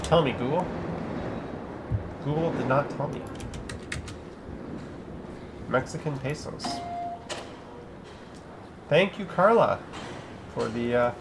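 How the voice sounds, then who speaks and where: A man's voice: on the high side, expressive, takes it slowly, pauses often, heavy background noise. A man, live streaming from home, chatting casually and reading viewer messages aloud while snacking.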